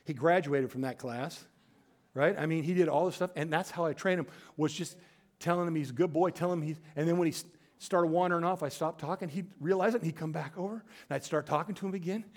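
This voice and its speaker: At a quick pace, a male pastor preaches through story, performing the lines he quotes and dipping into a low, quiet voice to underline moments.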